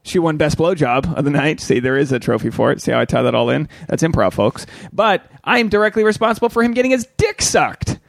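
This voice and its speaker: Rambling, crude man with gravelly voice. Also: a little high, lively intonation, fast, hardly any pauses, no echo, clean studio sound. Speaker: podcast co-host. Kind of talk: casual podcast chat.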